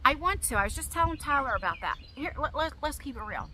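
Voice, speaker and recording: Chatty lively woman vlogger. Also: sits high, quick pace, slight background noise. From New Jersey, US. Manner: chatty, rambling, frequent fillers. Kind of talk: casual Q&A chat. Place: at home.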